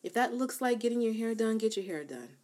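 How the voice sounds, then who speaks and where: A young adult woman talking casually to her viewers, giving self-love advice in an animated, emphatic way, with lots of "like" and "you know.". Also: on the high side, quick pace. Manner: conversational, many fillers like "like" and "you know". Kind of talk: casual motivational talk to camera.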